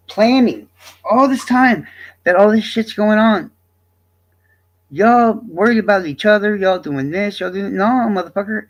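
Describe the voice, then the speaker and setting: A man in his fifties ranting to his livestream chat, profane, boastful and combative. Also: high-pitched. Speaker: streamer.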